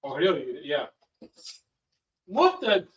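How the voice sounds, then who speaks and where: A man's voice: a little high, huge pitch swings, takes it slowly, noisy background. A father hosting a family vlog, chatting casually and rambling with plenty of ums and sos. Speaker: father and channel host. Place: home kitchen. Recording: roomy, from a distance.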